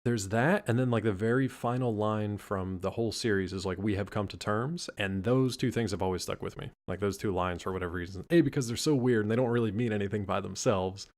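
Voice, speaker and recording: A man co-hosting a podcast, chatting casually about an anime with quick jokes and asides. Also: on the low side, darkish tone. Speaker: podcast co-host. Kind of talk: casual chat about a cartoon.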